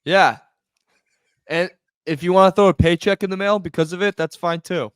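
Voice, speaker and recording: A man co-hosting a sports podcast, energetic and loudly rallying. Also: high voice, moderate pace, smooth, no echo, studio quality. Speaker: podcast co-host. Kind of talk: casual podcast chat.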